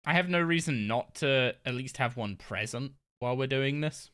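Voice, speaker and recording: A woman's voice: a bass voice, lively intonation, moderate pace, a bit bright. A woman live-streaming a game from her home desk, chatting casually and rambling with lots of fillers and restarts. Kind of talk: casual live-stream chat while gaming.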